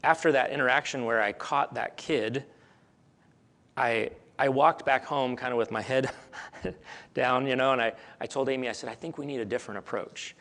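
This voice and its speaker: A middle-aged male pastor preaching a sermon in a storytelling way, climbing to emphatic peaks and dropping soft again, and often repeating words as he thinks aloud. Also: medium pitch, fairly even intonation, normal speed.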